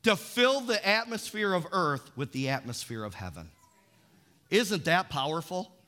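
A man with a high, bright voice preaching a sermon. He reads scripture slowly and leads the congregation in call-and-response. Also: very animated. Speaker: pastor.

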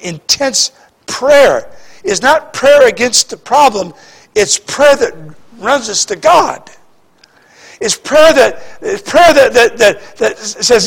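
A pastor preaching a sermon, repeating words and swinging between shouting and hushed speech. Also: male voice, very high-pitched, vocal fry, slightly rough.

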